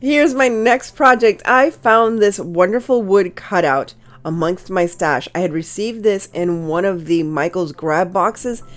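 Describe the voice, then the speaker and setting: A woman's voice: medium pitch, a little slow, few pauses. A woman hosting a home crafting tutorial, narrating her project in a cheerful, gushing, chatty way with small fillers. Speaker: crafting channel host.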